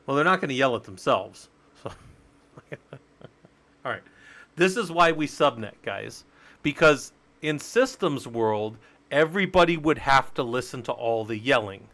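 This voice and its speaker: A man in mid pitch teaches networking on a relaxed live stream. He walks through each step in a chatty way and banters with his viewers as he goes. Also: measured pace, long pauses. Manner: chatty, explains step by step, jokes with chat. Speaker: live-stream Linux instructor.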